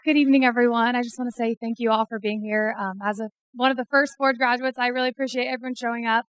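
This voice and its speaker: A young woman addresses an audience with a grateful, polite speech about her program. She talks quickly at a fairly high pitch, recorded close and dry. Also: fairly even intonation, a bit bright, no echo, poor audio. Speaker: graduate speaker. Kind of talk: prepared speech.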